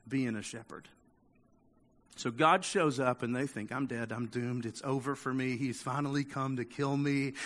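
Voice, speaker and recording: Bright-voiced male pastor preaching casually. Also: medium pitch. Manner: conversational preaching, acts out quoted voices, repeats words. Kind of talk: sermon.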